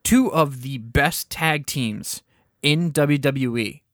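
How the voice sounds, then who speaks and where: A man's voice: fairly high pitch, slow pace, no echo, studio quality. A man co-hosting a casual wrestling podcast, laid-back, often chiming in with agreement. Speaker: podcast co-host.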